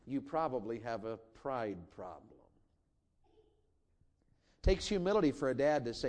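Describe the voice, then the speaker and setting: A middle-aged man preaching a sermon in a church, telling family stories with big swings between loud and hushed. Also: mid-range voice, sing-song, unhurried, pauses often. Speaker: pastor.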